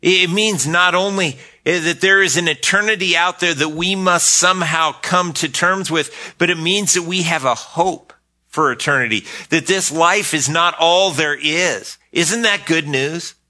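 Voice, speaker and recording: A man's voice: on the high side, measured pace, pushed and bright. An older man preaching a sermon as pastor, earnest, often repeating a word as he starts a phrase.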